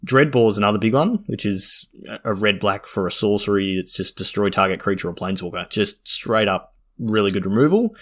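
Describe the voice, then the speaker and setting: A man co-hosting a casual podcast about a trading card game, easygoing and quick to laugh. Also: on the low side, lively intonation, a bit bright. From Australia or New Zealand. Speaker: podcast co-host.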